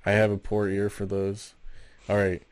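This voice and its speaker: A man with a slightly low voice co-hosts a casual podcast. He rambles along loosely, leaning on fillers as he tells his stories. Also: monotone, moderate pace, no echo. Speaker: podcast co-host. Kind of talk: casual chat.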